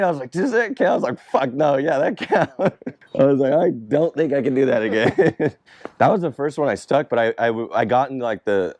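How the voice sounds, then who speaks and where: Low-voiced young man rambling casually. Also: a little mellow, no room sound, dull audio. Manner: rambling, swears a lot, laughs often. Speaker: skateboarder answering fan questions. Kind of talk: casual chat.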